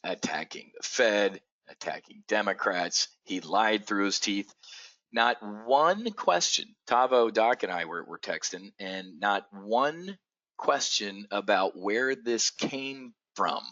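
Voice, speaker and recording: A man hosting a live trading stream, talking bluntly and profanely with frequent stammered restarts and excitable outbursts. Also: fairly low pitch, slow, dry recording, highs cut off. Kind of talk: unscripted live stream talk.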